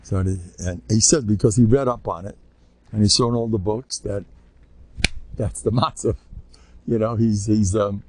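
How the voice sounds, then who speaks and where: An older man, a rabbi, telling stories to a live audience in an animated, joking way, acting out the people he quotes and mixing in Hebrew and Yiddish terms. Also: lowish voice, normal speed, long pauses. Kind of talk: storytelling talk to a live audience.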